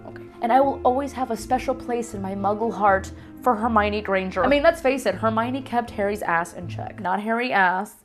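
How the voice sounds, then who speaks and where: Young woman, casual comedic vlog, playful and animated, close lapel mic. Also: a little high, brisk, few pauses, soft background music. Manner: playful, animated, drops Spanish words. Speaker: vlogger.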